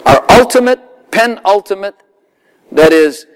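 A man's voice: high voice, measured pace, smooth. A man preaching a sermon, telling stories with laughter and acting out quoted voices. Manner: animated storytelling with laughs, dramatic quoted voices.

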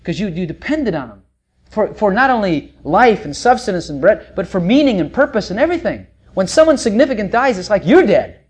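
A preacher teaching a sermon, telling the story in a folksy, joking way, with loud bursts, quiet asides and stammering restarts. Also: medium pitch, big pitch swings, a little fast, slightly rough.

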